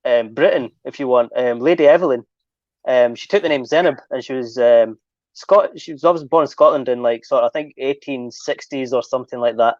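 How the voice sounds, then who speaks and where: A man chatting on an online show, speaking hesitantly with many pauses and ums. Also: mid-range voice, a little mellow, no echo, highs cut off. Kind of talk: casual online chat.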